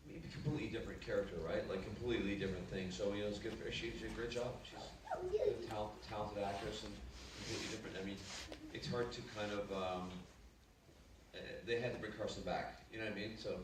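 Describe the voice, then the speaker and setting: A Scottish-born man, a guest actor on a convention panel, telling lively stories and laughing often. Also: on the low side, quick pace. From Scotland. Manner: animated storyteller, laughs often, acts out other voices. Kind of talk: lively anecdotal panel talk. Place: large convention hall. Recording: echoey noisy hall from far off.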